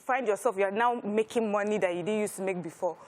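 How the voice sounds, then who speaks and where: Thoughtful Nigerian woman on a talk panel. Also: mid-range voice. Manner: thoughtful, measured, searching for words. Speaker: TV talk show co-host. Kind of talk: studio panel discussion.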